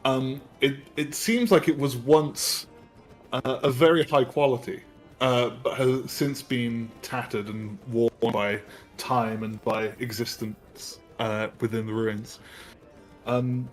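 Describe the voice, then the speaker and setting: A man's voice: medium pitch, steady tone, slow pace, faint music behind. Rambling man narrating as dungeon master. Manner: rambling, hesitant narration with many fillers. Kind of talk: narrating a tabletop game.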